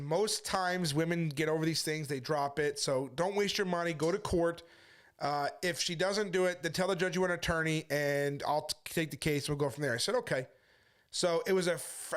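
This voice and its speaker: A man's voice: a little high, fairly bright tone. A man talking to camera as a street preacher, defensive and storytelling, acting out the people he quotes. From United States. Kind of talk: casual monologue to camera.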